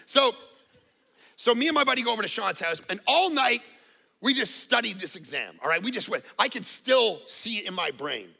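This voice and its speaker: A middle-aged man preaching a sermon as pastor, telling stories with animated swings from hushed to loud. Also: sits high, normal speed, creaky.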